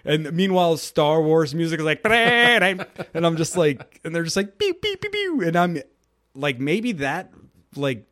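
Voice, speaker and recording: A man's voice: on the high side, measured pace. A young adult man on a podcast, chatting casually and telling a rambling story, acting out the people in it with a raised, goofy voice. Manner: rambling and animated, acts out quotes with a raised goofy voice.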